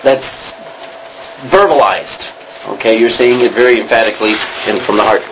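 A man's voice: fairly low pitch, little pitch movement, rapid-fire, noisy background. A man teaching a classroom lesson, explaining in a roundabout way and checking in with his students. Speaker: Greek teacher. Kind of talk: classroom lecture.

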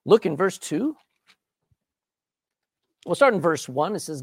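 Man preaching, animated, swooping pitch, emphatic, clears throat, dry close sound. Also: measured pace, long pauses, dry recording. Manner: animated, emphatic, reads old-style scripture then explains. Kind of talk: sermon with scripture reading.

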